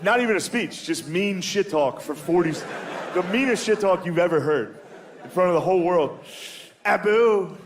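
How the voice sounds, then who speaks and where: Male stand-up comic, slightly high voice, crude bro talk, noisy live recording. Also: lively intonation, fairly quick. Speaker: stand-up comedian. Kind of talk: stand-up comedy set.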